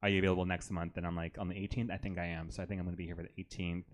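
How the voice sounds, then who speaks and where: A man's voice: low voice, level tone, racing. A man who performs in drag shows, a guest in a casual chat, who rambles, trails off and laughs easily.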